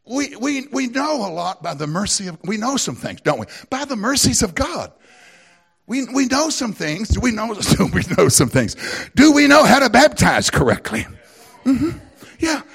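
A man with a Southern US twang preaching a lively sermon, laughing often and swinging from shouts to hushed asides. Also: sits high, moderate pace, vocal fry, husky. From American South.

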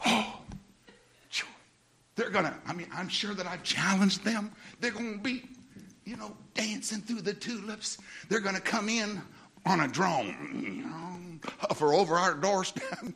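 A middle-aged man preaching a sermon, telling a story with humor, laughing often and mimicking other people in a high voice. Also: fairly bright tone, breathy edge.

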